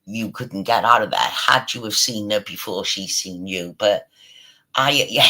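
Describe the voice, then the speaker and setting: A man's voice: fairly low pitch, a little slow, pushed and bright, poor audio. A man giving a sweary, mocking ranting commentary on his stream, scornful of the people he talks about.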